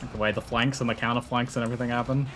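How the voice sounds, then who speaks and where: An Australian man narrating and commentating a strategy game he plays, excitable and laughing often, shouting battle orders at his troops. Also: medium pitch, very fast, noisy background. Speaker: gaming YouTuber. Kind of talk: let's play commentary and narration.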